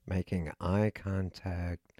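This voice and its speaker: A man co-hosting a podcast, talking in a slow, deliberate, instructive way. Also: low-pitched, flat delivery, warm tone, no room sound, studio quality. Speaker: podcast co-host. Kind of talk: casual podcast chat.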